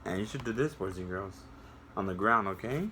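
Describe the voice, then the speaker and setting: A young man reading a picture book aloud to children, breaking off to talk to them directly in a sing-song, animated way. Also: on the low side, a little fast, a little hiss or hum. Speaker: children's story reader.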